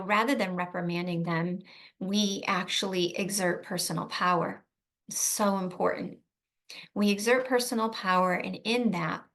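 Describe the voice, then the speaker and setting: Woman giving advice to parents, earnest and emphatic, repeats stuff, keeps asking "right?", mid-pitched voice. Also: fairly bright tone. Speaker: trauma coach speaking to protective parents. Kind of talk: advice talk to camera.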